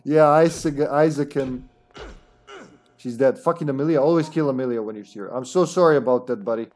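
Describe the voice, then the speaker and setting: A man streaming an online game with friends, joking loudly, swearing and cheering at the action. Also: mid-range voice, a little fast. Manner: excitable, swears and jokes loudly. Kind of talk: casual gaming chat.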